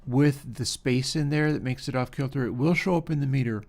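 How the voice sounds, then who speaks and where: A man hosting a livestream edits audio while offering relaxed, musing technical commentary as he works. He has a mid-range voice and talks a little fast.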